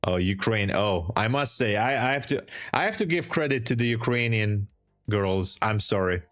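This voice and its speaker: A trading livestream host with a lowish, slightly bright voice talks at a moderate pace, animated throughout. He keeps things casual with viewers, often laughing and offering encouragement.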